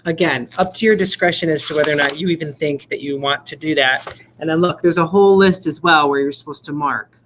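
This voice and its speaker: A woman's voice: low-pitched, a little fast, a little hiss or hum, rough recording. A woman walking fellow teachers through a spelling lesson, explaining step by step and sounding out words letter by letter. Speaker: teacher trainer. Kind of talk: casual instructional walkthrough.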